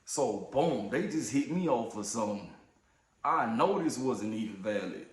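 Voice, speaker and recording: A man who drives trucks tells a story in a casual rant, heated and profane, getting louder and sharper when riled. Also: medium pitch, animated, unhurried, echoey room.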